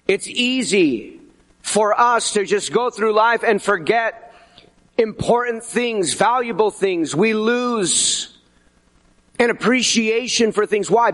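A middle-aged man preaching a sermon as pastor, animated and conversational, slipping into acted asides. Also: sits high, slow.

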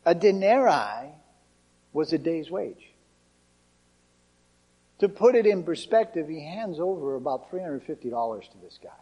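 A man's voice: fairly high pitch, big pitch swings, measured pace, long pauses, mellow, breathy edge, lo-fi sound. A male pastor preaching a sermon in a conversational, emphatic way.

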